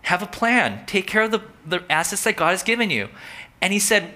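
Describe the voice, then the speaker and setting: A man preaching a sermon in a relaxed, conversational way, telling a story and lifting his voice when he quotes. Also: sits high, normal speed. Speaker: pastor.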